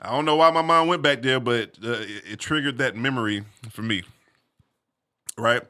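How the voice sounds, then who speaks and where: A man casually telling a personal story, animated, full of slang and "you feel me" asides. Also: mid-range voice, moderate pace.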